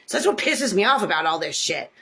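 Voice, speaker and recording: An American woman in an angry personal rant, swearing often, filling with "like", and jumping up in pitch when she gets indignant. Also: big pitch swings, fast, gravelly, sharp tone. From United States. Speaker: parent telling about her court case.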